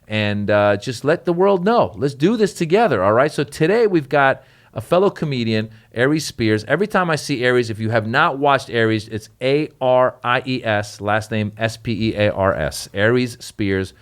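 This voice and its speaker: A man's voice: mid-range voice, animated, moderate pace. Upbeat, chatty male podcast host. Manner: upbeat, chatty, joking and laughing. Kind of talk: casual comedy podcast chat.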